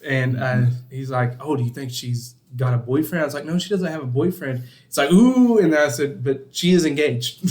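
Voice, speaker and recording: A man's voice: medium pitch, moderate pace. A young man casually telling a story on a podcast, laughing a lot and acting out other people's lines. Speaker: podcast co-host.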